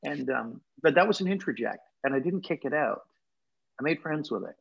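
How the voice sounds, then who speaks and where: Gravelly older man with Canadian accent. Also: fairly high pitch, animated, a little fast, dull audio. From England. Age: 60s. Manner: reflective, emotional storyteller with laughs. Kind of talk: storytelling interview.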